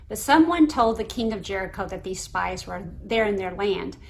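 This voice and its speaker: A middle-aged woman preaching a sermon, telling a story with lively acted voices. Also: a little high. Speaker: pastor.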